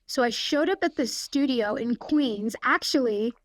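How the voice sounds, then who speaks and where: Woman in her 40s telling a story on a podcast, kinda high voice, talks fast and chatty, lots of "like". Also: expressive, no room sound. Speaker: guest. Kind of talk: casual anecdote telling.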